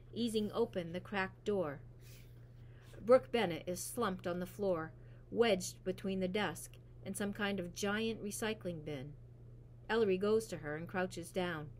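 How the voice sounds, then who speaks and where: A woman reading a novel aloud in a steady, even narration. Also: mid-range voice, a little slow, slight background noise. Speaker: reader. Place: school library.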